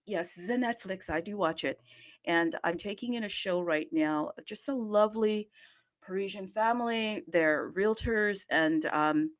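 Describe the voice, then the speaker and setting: A woman's voice: mid-range voice, measured pace. A woman hosting a live audio chat in a bubbly, rambling, chatty way. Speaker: host.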